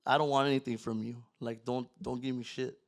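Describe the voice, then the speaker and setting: A man appears as a podcast guest, telling a personal story casually and with profanity. He acts out his own words and swings from loud outbursts to near-whispers, in a mid-range voice with flat delivery at a slightly fast pace.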